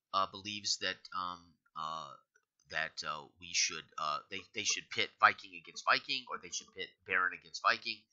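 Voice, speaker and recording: A man's voice: low-pitched, sharp tone. A man acting as game master, recapping a tabletop game session in rambling storytelling with many fillers. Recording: dull lo-fi recording.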